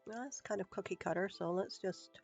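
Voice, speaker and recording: A woman's voice: medium pitch, brisk, a little mellow, muffled recording, faint music behind. A woman streaming a building game, chatting and muttering to herself as she works, her nose stuffed up from a cold. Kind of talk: casual live gameplay commentary.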